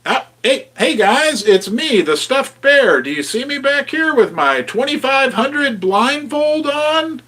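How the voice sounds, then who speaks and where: A man's voice: extremely high pitch, big pitch swings, takes it slowly, hardly any pauses, a bit bright, voice pushed up, exaggerated voice. A man voicing a sneaky stuffed bear. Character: stuffed toy bear, sly and mischievous.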